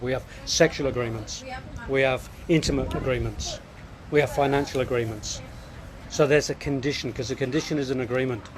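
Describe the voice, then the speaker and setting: Man, fifties, earnest coaching host, reflective, mid pitch, crowd noise behind. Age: 50s. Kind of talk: live show answering viewer questions.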